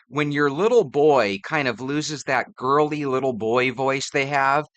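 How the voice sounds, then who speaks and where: A man's voice: a little high, a little slow, few pauses, fairly bright tone, dry recording. A man hosting a reaction video, joking and chatting between clips. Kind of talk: reaction commentary.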